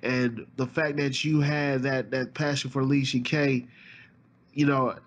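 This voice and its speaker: A man's voice: mid-range voice, flat delivery, measured pace, muffled recording. A man hosting a podcast interview, gushing and enthusiastic, with many fillers. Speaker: podcast host.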